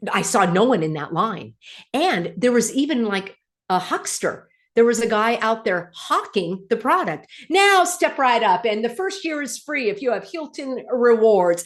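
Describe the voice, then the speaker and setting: Indignant middle-aged woman ranting on a vlog. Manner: indignant, sarcastic, wide swings between loud outbursts and low asides. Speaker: channel host. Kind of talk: animated opinion vlog.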